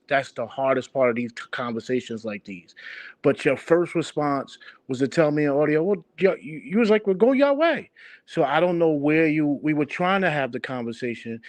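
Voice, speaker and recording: A man's voice: mid-range voice, brisk, no echo. A middle-aged man hosting a heated online talk stream, speaking earnestly and directly, often stumbling and restarting his words. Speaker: stream host.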